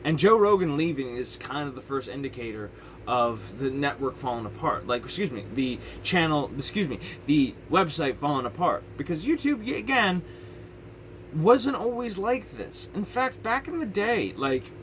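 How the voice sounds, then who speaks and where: A man's voice: a little high, sing-song, moderate pace, a bit bright, slight background noise. A young man ranting frustratedly on his vlog from his parents' house, rambling and restarting his sentences. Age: young adult. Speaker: YouTuber.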